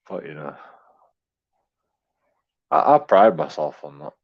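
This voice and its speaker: A man's voice: very deep voice, muffled recording. An English man ranting casually, full of swearing and stumbling restarts. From England. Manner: profane, rambling, stumbling repeats, chuckling. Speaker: YouTube commentator. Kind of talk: casual rant.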